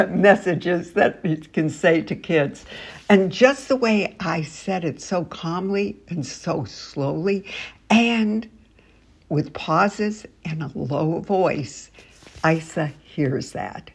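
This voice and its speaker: A woman giving casual tips on getting children to listen, laughing often and acting out calm teacher phrases. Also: fairly low pitch, takes it slowly, vocal fry, husky. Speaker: early childhood trainer.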